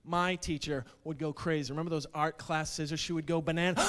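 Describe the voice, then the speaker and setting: A man's voice: on the high side, fast, hardly any pauses, a bit bright. A male stand-up comedian telling wry, self-mocking stories about old jobs, with stammered starts. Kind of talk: stand-up routine.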